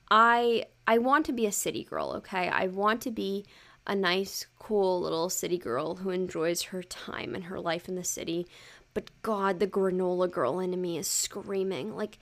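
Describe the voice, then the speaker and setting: A young woman hosting her own podcast, talking in a loose, chatty way. She swears freely, mocks herself and fills her talk with "um" and "like". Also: lowish voice. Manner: chatty, swearing, self-mocking, lots of fillers. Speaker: podcast host. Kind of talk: casual solo podcast chat.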